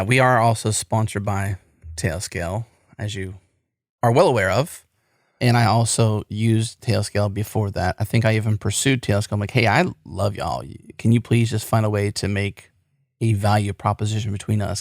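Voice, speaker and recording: A man's voice: fairly low pitch, no room sound, studio quality. A middle-aged American man hosting a podcast, rambling enthusiastically with frequent restarts. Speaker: podcast host. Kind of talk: casual podcast chat.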